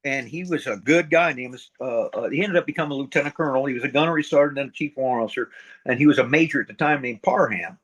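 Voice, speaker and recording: A man's voice: medium pitch, quick pace, a bit bright. Older male veteran guest, plain-spoken and profane, acts out the dialogue. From middle America. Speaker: interview guest, retired Marine sergeant major. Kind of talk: casual storytelling interview.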